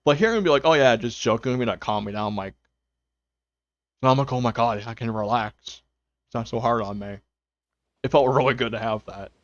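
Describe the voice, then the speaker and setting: A man's voice: mid-range voice, fairly quick, long pauses, dry recording. Rambling young man chatting on stream. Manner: rambling, with many fillers and quoted self-talk. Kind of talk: casual chat to stream viewers. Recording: dull lo-fi mic, faint music.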